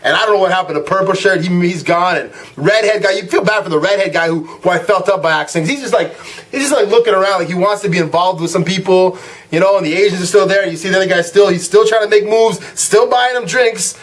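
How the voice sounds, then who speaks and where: Quick-paced and high-voiced, a young man vlogs a casual rant to camera. He animates the story by acting out what people said, with many fillers and restarts along the way.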